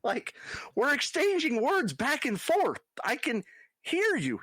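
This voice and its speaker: A man's voice: very high-pitched, huge pitch swings, slow, a bit bright, slightly rough, dry recording. A man from Texas co-hosting a casual beer podcast, ribbing his friend and acting out exaggerated voices in his bits. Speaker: podcast co-host. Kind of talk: casual chat over beers.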